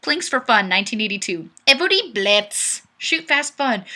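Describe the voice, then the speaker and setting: A woman's voice: sits high, very animated, moderate pace, hardly any pauses, bright, forceful tone. A young woman hosting a webcam livestream, giggly and playful as she reads viewer comments aloud in casual chat. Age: young adult. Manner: bubbly, giggly, playfully self-deprecating. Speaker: livestream host. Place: home room on webcam. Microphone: webcam mic.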